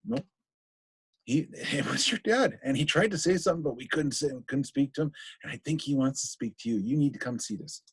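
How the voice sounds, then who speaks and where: A man's voice: fairly high pitch, expressive, brisk, slightly rough, dry recording, pitched above the performer's own voice. A man doing Horatio, matter-of-fact friend. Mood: urgent. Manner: casual, matter-of-fact retelling. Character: loyal young male friend, earnest.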